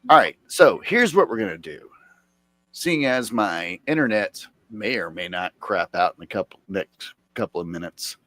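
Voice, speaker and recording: A man chatting casually on a live stream, rambling and swearing with sudden loud outbursts. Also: fairly low pitch, animated, moderate pace, no room sound.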